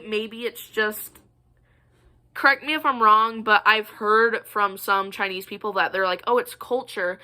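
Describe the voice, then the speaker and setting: A woman's voice: medium pitch, bright, forceful tone. A young woman vlogger telling stories to the camera in a casual, chatty and rambling way. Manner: chatty, rambling, many fillers and asides.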